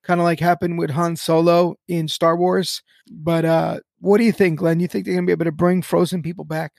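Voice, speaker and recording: A man's voice: fairly high pitch, vocal fry, darkish tone, no echo, clean studio sound. A man hosting a Christian podcast, talking with an emphatic, preacherly cadence. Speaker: podcast host. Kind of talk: podcast chat on Christian topics.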